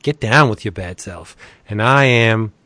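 A man's voice: fairly low pitch, measured pace, background noise. A man hosting a comics podcast with playful, showy banter. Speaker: podcast host. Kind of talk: casual chat.

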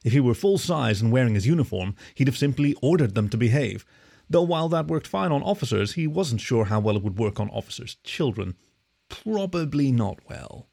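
A man reading a story aloud as narrator, in an expressive, animated way. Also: mid-range voice, brisk, creaky. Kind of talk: scripted narration.

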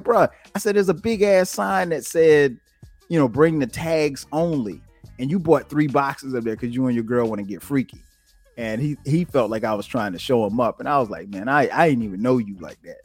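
A man from South Carolina tells stories on his podcast in a loose, conversational way. His voice sits in the middle range and leaps up high when he quotes himself. The sound is dry and close to the mic, with faint music underneath. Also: no room sound. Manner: animated, jumps high when quoting himself. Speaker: podcast host. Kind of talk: casual storytelling.

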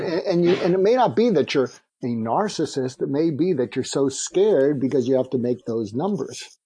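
A man with a husky, slightly raspy voice, speaking as a guest in an interview and making his points through frank stories. He is recorded close and dry, with no room sound around him. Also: medium pitch, darkish tone, dry recording. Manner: anecdotal, frank. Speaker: guest, sales trainer. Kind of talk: storytelling interview talk.

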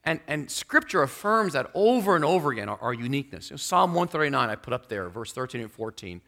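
Male pastor, sermon delivery, lively pitch, gravelly edge. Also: quick pace. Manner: animated, acts out quoted people in the story. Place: church.

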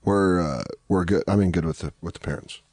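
A man guesting as a comedian, telling relaxed stories about his life with quoted asides. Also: sits low, a little fast, no room sound, clean studio sound. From New York. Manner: laid-back storytelling with quoted asides. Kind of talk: casual chat.

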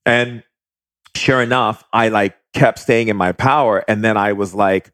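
A man's voice: lowish voice, normal speed, no room sound, studio quality. A man guest earnestly telling a personal story, acting out the voices he heard. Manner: earnest, animated retelling, acts out voices. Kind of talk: casual storytelling.

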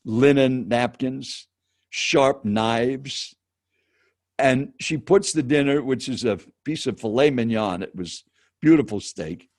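A man in his seventies, a professional speaker and guest, telling a story with dramatic pauses and speaking directly to the host. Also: medium pitch, no room sound, studio quality. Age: 70s. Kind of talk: animated storytelling.

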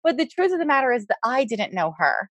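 A woman in her forties talking candidly as a podcast guest, loud and animated, laughing often. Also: a little high, fast talker, no echo. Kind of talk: candid conversational interview.

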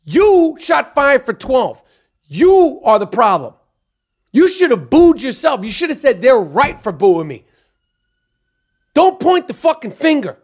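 A man's voice: very high voice, big pitch swings, measured pace. A man hosting a sports talk show, ranting profanely and speaking straight to the players he criticizes. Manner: profane, emphatic, addresses players directly. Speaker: sports podcast host. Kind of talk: opinionated sports rant.

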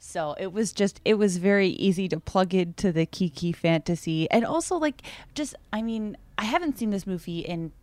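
Woman, podcast co-host, chatty, rambling, smooth, dry sound. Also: medium pitch, lively intonation, moderate pace, hardly any pauses, darkish tone, no echo. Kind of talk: casual chat.

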